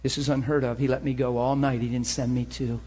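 A man preaching and telling his own story in a sermon, with animated storytelling that rises to shouts. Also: mid-range voice, brisk, husky. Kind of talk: sermon testimony.

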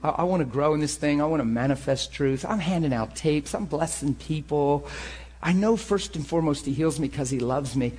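Husky, high-voiced man preaching a testimony. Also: brisk. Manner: animated storytelling, rising to shouts. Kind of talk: sermon testimony.

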